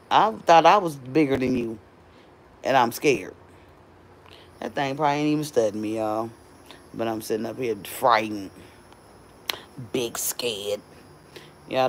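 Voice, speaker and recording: Middle-aged lady going live on her phone at home, gravelly voice, chatty, bit of noise behind. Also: extremely low pitch, measured pace, pauses often. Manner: animated, chatty, calls out to viewers. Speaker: live streamer. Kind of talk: casual live stream chat. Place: home doorway.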